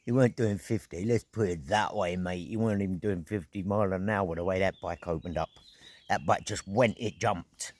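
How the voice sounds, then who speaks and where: A middle-aged man vlogging outdoors at an evening camp, telling a story in a casual, animated way, full of slang, swearing and sound effects. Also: deep voice, moderate pace.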